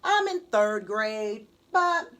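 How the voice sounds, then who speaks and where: A woman's voice: fairly high pitch, big pitch swings, takes it slowly, a bit bright, pitched below the performer's own voice, exaggerated voice. A woman voicing a talkative, playful third-grade city boy in a read-aloud storybook.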